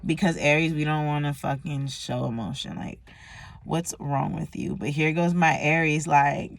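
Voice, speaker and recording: A woman's voice: low voice, fairly even intonation, normal speed, creaky, no echo. A young woman talking candidly and emotionally in a personal vlog, swearing freely and using slang. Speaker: vlogger.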